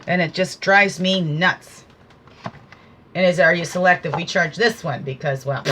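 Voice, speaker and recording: A woman's voice: fairly low pitch, normal speed, a bit bright, a little hiss or hum. A woman talking through an oracle card reading, giving casual, earnest spiritual guidance with preachy asides.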